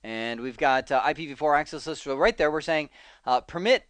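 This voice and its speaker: A man's voice: on the high side, brisk, fairly bright tone, clean tone, no room sound. Chatty male networking instructor, dry close sound. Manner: chatty, thinks aloud, self-correcting, wry asides. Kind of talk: casual screen-recorded tech lesson.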